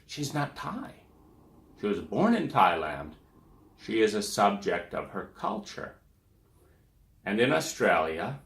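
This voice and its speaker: Gravelly low-voiced man lecturing. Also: fairly bright tone, reverberant. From United States. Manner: rambling, filler-heavy, trails off with "da, da, da". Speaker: speaker on relationships.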